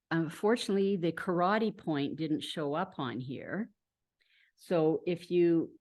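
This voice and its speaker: A woman teaching a meditation practice in a relaxed, chatty way, with fillers and light laughs, over a video call. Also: lowish voice. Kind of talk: casual instructional talk guiding a group practice.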